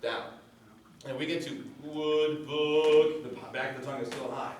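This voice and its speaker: A man's voice: fairly high pitch, steady tone, darkish tone, a little hiss or hum. A man coaching a choir, explaining vowel shapes and breathing and singing short examples to demonstrate. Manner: demonstrates vowels by singing, gives quick cues. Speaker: vocal coach. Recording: echoey rehearsal hall from a distance.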